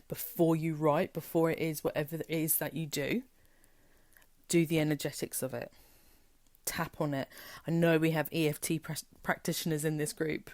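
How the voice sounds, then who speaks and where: A woman's voice: low voice, fairly even intonation, moderate pace, dry recording, clean studio sound. A woman spiritual coach giving a candid motivational talk, frank and emphatic, swearing freely and acting out quotes.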